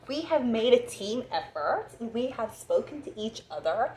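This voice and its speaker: A woman's voice: on the high side, very animated, unhurried, mellow, slight background noise, pitched above the performer's own voice. A woman putting on the voice of a smug, cold clique of haters who speak as one, in a formal, mocking tone.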